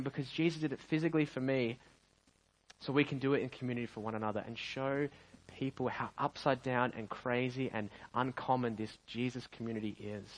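A man's voice: medium pitch, a bit bright, rough recording. Earnest, emphatic male pastor preaching. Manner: earnest and emphatic, with repeated restarts. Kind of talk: sermon.

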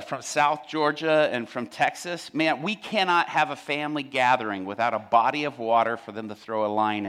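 A man preaching a sermon, telling its story with animated humor. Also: medium pitch.

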